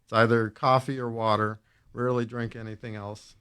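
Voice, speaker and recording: A man's voice: mid-range voice, level tone, a little fast, a bit bright, clean tone. A man on a radio show as a home improvement expert, answering in brief, plain remarks. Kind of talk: casual radio chat.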